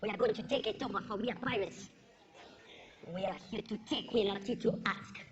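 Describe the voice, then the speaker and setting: A woman's voice: mid-range voice, fairly even intonation, brisk, pitched below the performer's own voice, natural voice. A woman voicing a bold male pirate captain who declaims grandly to his crew. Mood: declaiming. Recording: dull lo-fi recording with loud crowd.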